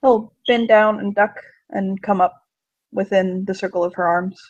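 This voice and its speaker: A man describing his character's actions in a collaborative role-play, relaxed and thinking aloud as the scene unfolds. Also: high voice, measured pace, no room sound, lo-fi sound.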